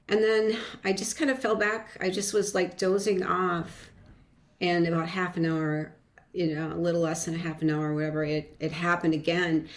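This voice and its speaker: Woman guest, low voice, halting reflective storyteller, casual interview. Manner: halting, many restarts and fillers, reflective.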